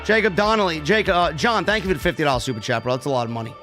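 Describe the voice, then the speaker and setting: A man's voice: a little high, rapid-fire, fairly bright tone, soft background music. A man hosting a live wrestling review stream, reading viewer super chats aloud and chatting casually with plenty of swearing. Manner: casual, profane, reads donor messages aloud.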